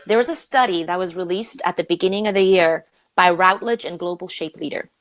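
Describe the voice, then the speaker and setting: A woman's voice: a little fast, no echo, low-quality recording. A woman originally from Romania, a leadership coach telling stories in an interview and acting out the voices of people she quotes. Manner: animated, acts out quoted voices with big pitch jumps. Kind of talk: conversational interview storytelling.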